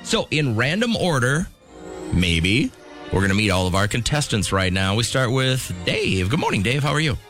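A man's voice: medium pitch, big pitch swings, normal speed, fairly bright tone, faint music behind. A man hosting a morning radio call-in game, upbeat and joking. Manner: upbeat, joking, laughs easily. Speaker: radio morning show host.

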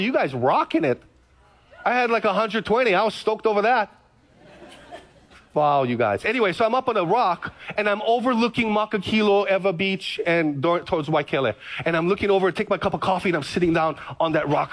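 A middle-aged man, a pastor telling a story in a sermon, animated and given to repeating himself. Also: high voice. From Hawaii's Big Island. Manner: animated, repeats phrases, stammers into restarts.

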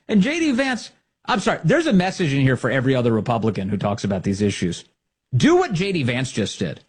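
A man's voice: medium pitch, sing-song, a little fast, darkish tone, slightly rough. A man hosting a political talk show, delivering a sarcastic monologue full of mocking rhetorical questions. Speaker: political commentary host.

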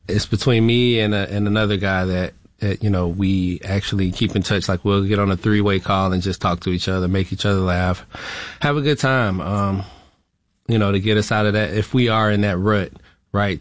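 A man answers interview questions haltingly, full of "uh" and "right?". His voice sits fairly low. The sound is dry and close. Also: no echo. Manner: hesitant, many "uh" and "right?". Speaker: interview guest, veteran. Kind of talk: interview conversation.

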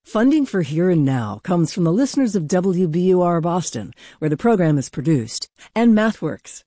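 A woman's voice: fairly low pitch, big pitch swings, moderate pace, mellow, dry recording. A woman reading sponsor credits for a radio program. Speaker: funding announcer.

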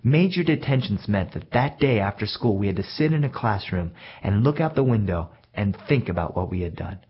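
A male storyteller telling a story from his own childhood in a plain, reflective way with gentle self-mockery. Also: fairly low pitch, animated, fairly quick, slightly rough. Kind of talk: told personal story. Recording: dull lo-fi recording.

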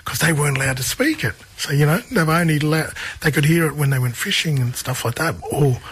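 An Australian man, a musician guest, telling stories in a relaxed conversational way, often restarting and repeating phrases. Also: on the high side, fast talker, a little hiss or hum.

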